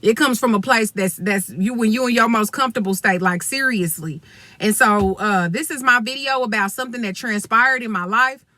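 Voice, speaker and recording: A woman's voice: fairly high pitch, moderate pace, bright, forceful tone, dry recording. A young adult woman venting in an angry storytime vlog, blunt and profane, talking straight to her viewers. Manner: blunt, profane and heated, addresses viewers as y'all. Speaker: vlogger.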